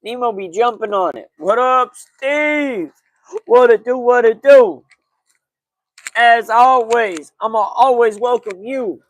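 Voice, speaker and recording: A man's voice: very high voice, slow, no echo, low-quality recording. A man hosting a casual livestream sports talk podcast, chatting loosely in slang and greeting viewers by name. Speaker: podcast host.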